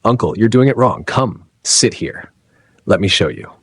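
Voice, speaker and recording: A man playing a streetwise teenage vendor girl, husky. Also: lowish voice, expressive, moderate pace, no echo, voice pushed up. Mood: coaching.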